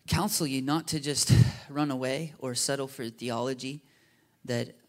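Guy preaching a sermon like he's just chatting, medium voice, lively, lots of "you know?". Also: medium pitch. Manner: casual, animated, often asking "right?" and "you know?". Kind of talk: conversational sermon.

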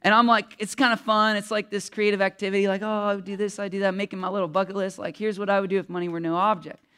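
A man's voice: high voice, flat delivery, fast talker, sharp tone, smooth. A man preaching a sermon in a candid, conversational way, full of asides and fillers, who gets emotional as he speaks. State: emotional, voice catching. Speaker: pastor.

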